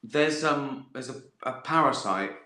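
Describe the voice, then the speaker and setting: Middle-aged man, West Country accent, bright voice, rambling and profane comedic storytelling, echoey room. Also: medium pitch, measured pace. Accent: West Country English. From West Country, England. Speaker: host answering viewer questions. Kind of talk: casual livestream chat.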